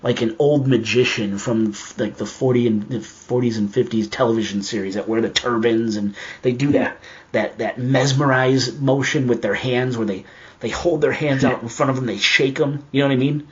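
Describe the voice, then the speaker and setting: A man telling a personal story in a casual, animated way, acting out his own reactions as he goes. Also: medium pitch, moderate pace, dull audio.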